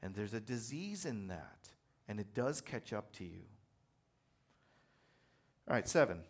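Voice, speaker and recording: Animated man preaching a casual sermon. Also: lowish voice, unhurried, breathy edge. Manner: conversational, animated storytelling with self-deprecating humor. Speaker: pastor.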